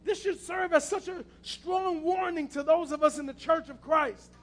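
A man's voice: very high-pitched, fairly even intonation, moderate pace. A man preaching a passionate sermon as pastor, repeating his key phrases.

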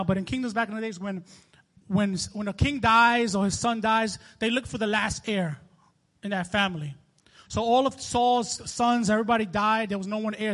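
A man's voice: sits high, fairly bright tone. A man in his twenties with a New York accent, giving a casual, conversational sermon with frequent restarts and laughter. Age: 20s. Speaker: minister.

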